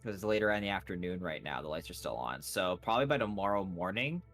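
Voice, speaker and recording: A man putting on a gravelly Brooklyn shopkeeper. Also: low-pitched, expressive, fast talker, fairly bright tone, faint music behind, pitched below the performer's own voice. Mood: haggling. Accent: put-on Brooklyn. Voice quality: gravelly, smoky. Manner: rambling, haggling, self-correcting. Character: gruff male human shopkeeper, haggling chain-smoker type.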